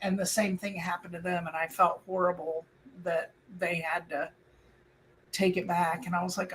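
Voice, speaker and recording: A woman's voice: fairly low pitch, level tone, normal speed, a bit bright, a little hiss or hum, low-quality recording. A woman co-hosting a casual live chat, talking in a chatty way and quoting people as she tells a story. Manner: apologetic, chatty, quotes others. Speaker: co-host.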